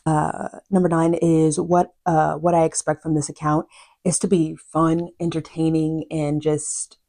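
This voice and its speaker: Young woman, low voice, mellow tone, casual book vlog chat, quiet asides. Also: little pitch movement, a little slow. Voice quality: chatty, drifting to quiet asides. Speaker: book vlogger.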